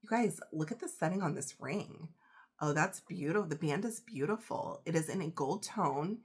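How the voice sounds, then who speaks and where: A woman, getting over a cold, unboxing jewelry in a casual vlog, gushing and emotional with gasps and soft whispers. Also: sits low, normal speed, slightly rough. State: recovering from a cold. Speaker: reseller vlogger.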